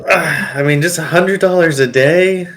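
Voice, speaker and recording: A man's voice: on the high side, measured pace, a bit bright, poor audio. A man co-hosting a movie podcast, making dry, sarcastic quips in casual chat. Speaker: podcast co-host.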